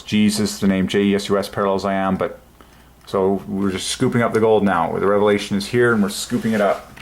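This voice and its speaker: A man hosting his own channel, musing aloud at his computer in an enthusiastic, halting way with many fillers. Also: fairly low pitch. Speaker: channel host. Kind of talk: religious numerology screen talk.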